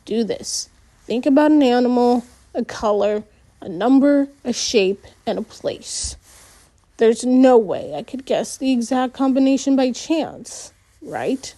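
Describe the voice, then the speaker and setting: A woman voicing a middle-aged father who reads minds, speaking in a steady, explaining way. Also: on the high side, measured pace. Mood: calm. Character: middle-aged mind-reading father, calm and insistent.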